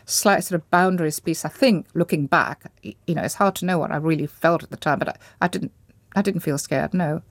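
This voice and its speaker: A woman from Indonesia sits for an interview, her voice pitched a little low and recorded close and dry. She talks in a reflective, searching way, circling back and restarting as she gathers her memories. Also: brisk, no room sound. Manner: thoughtful, searching for words, frequent restarts. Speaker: interview guest. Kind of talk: reflective personal recollection.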